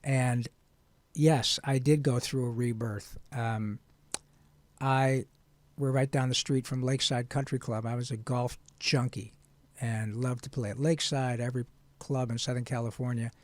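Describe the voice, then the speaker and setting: A man's voice: medium pitch, normal speed, no room sound. Earnest man telling his story, dry sound. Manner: earnest, animated, frank. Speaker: guest voice actor. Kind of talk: interview storytelling.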